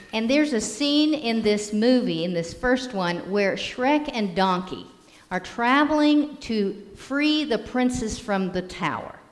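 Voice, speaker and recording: A woman pastor giving a sermon in a measured, storytelling manner. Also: mid-range voice. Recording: long reverb of a hall.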